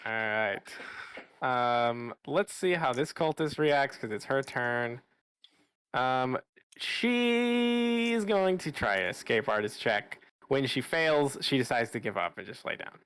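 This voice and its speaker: A man's voice: medium pitch, expressive, a bit bright, smooth, no echo. Dry-sounding man running a tabletop game. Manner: casual, halting with restarts and fillers. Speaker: game master.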